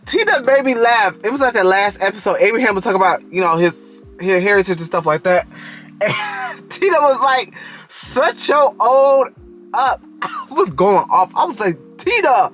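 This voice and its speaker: Animated, giggly young man reviewing a show. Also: high-pitched, moderate pace, soft background music. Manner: animated, giggly, talks straight to the characters. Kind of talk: casual video review.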